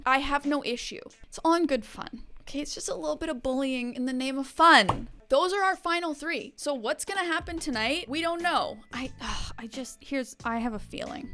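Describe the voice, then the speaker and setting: A woman's voice: high voice, a bit bright. A woman YouTuber giving casual, playful commentary as she reacts to a reality show with her viewers. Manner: chatty, playful, teasing.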